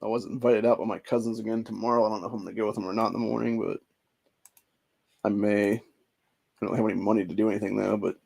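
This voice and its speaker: Man, 40s, gravelly, rapid, profane rambling vent, emotionally frayed. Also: fairly low pitch, level tone, a little mellow. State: emotional and stressed. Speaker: vlogger. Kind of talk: casual venting monologue.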